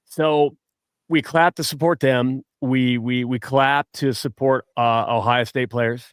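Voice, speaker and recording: Animated male guest telling stories dry. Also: medium pitch, takes it slowly, smooth, no echo. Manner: animated storyteller, many restarts, acts out quotes. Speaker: guest superfan. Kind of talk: casual sports chat.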